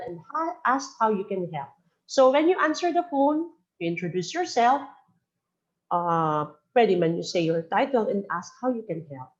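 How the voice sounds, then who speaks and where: A woman's voice: mid-range voice, darkish tone, highs cut off. Filipino woman trainer. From the Philippines. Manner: mixes English with local Bicol phrases, frequent "okay?" checks. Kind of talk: webinar lecture on phone and letter etiquette.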